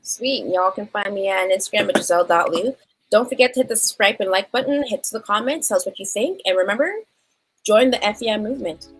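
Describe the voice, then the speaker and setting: A woman hosting a casual panel show over a video call and wrapping it up with relaxed plugs. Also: mid-range voice, fast, low-quality recording. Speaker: show host.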